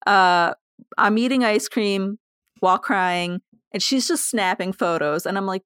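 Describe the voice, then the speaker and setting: Podcast guest, woman, candid storyteller, lively with laughs, dry close sound. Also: medium pitch, slow pace, clean tone, no room sound. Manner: animated, laughs while telling stories.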